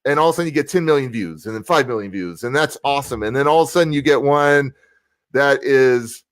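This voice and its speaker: Upbeat man shouting out his viewers. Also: medium pitch, animated, fast, no echo. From United States. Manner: upbeat, shouts out live viewers by name as he talks. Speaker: guest, motivational speaker and rapper. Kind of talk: casual livestream interview. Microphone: video call.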